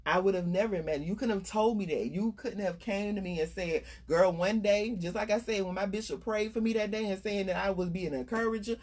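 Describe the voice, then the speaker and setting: A woman's voice: mid-range voice, a little fast, few pauses, darkish tone. A middle-aged woman coach giving casual, emphatic motivational talk about staying unbothered. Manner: earnest, conversational, emphatic. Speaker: life coach.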